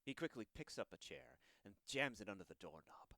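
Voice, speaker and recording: Low-voiced male scene narrator. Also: big pitch swings, a little fast, bright, forceful tone, dry recording. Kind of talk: scripted narration of scene action.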